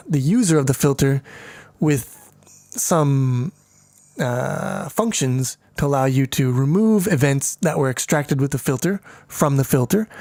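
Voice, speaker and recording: A man's voice: a little high, a little mellow, no room sound. A man giving a casual programming walkthrough, thinking aloud with many fillers, swearing and making crude jokes as he goes. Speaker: programming tutor. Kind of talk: casual screencast code walkthrough.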